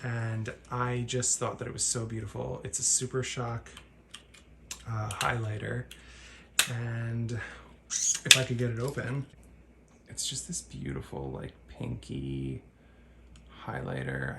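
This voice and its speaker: A man's voice: mid-range voice, animated, a little slow, vocal fry, pauses often, noisy background. A man talking casually through his makeup routine as a vlogger, rambling, correcting himself and laughing at his own slips. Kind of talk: casual chatty tutorial.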